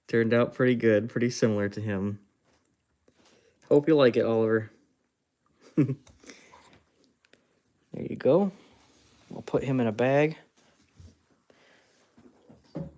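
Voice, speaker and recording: A man with a mellow, mid-range voice hosts a casual live stream while shaping clay. Chatty and laughing often, he narrates his hands-on work and reads messages from his viewers.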